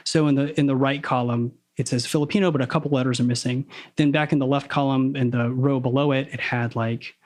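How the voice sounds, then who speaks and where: A man's voice: medium pitch, steady tone, darkish tone. A man talking as a podcast guest, over-enunciating his words on purpose and stopping to correct himself as he probes ideas. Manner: deliberately crisp, over-enunciated diction; analytical, probing, self-correcting. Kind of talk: casual conversation.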